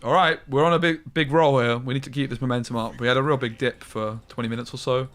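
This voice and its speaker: A man's voice: mid-range voice, fairly even intonation, fast, fairly bright tone, soft background music. Chatty young man streaming. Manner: rambling anecdotes with slang and swearing. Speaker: game streamer. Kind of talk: casual live-stream chat over gameplay.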